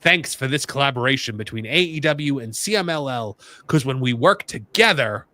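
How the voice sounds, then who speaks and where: A man putting on a slow, low cowboy drawl to read out a wrestler's promo. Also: lively intonation, pushed and bright, no room sound. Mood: earnest.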